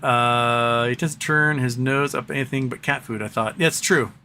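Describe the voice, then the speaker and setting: On his casual livestream, a man reads chat out loud, wanders between subjects and talks to his cat in baby talk. His medium-pitched voice is bright and forceful at a normal speed. A little hiss or hum runs underneath.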